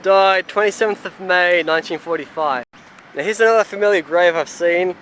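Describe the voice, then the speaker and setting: A man on a walking tour of a cemetery, reading out names and inscriptions haltingly with many pauses and fillers. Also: high-pitched, a bit bright, slight background noise. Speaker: travel vlogger. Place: outdoor cemetery.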